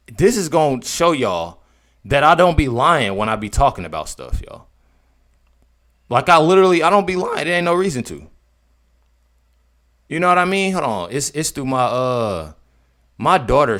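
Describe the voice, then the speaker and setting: A young man, commenting casually on a video clip. He is incredulous, swinging between loud outbursts and low mutters.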